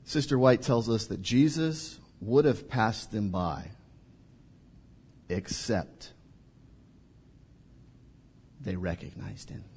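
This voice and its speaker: A man preaching a sermon to a congregation in a church hall, telling the story dramatically, acting out voices and dropping to a hush at key moments. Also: on the low side, takes it slowly, pauses often, breathy edge. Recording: reverberant hall.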